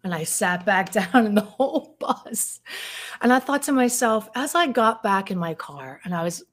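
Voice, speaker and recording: A woman's voice: mid-range voice, expressive, moderate pace. A woman, a relationship coach, telling a personal story to her viewers in a casual, vivid way, with plenty of fillers and some swearing. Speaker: codependency coach.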